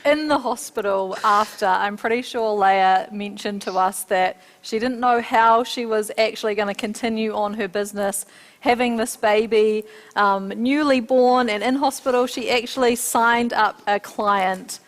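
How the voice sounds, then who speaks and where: Woman co-host, casual and chatty, fairly high voice. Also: unhurried, rough recording. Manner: chatty, laughing asides. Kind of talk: casual chat.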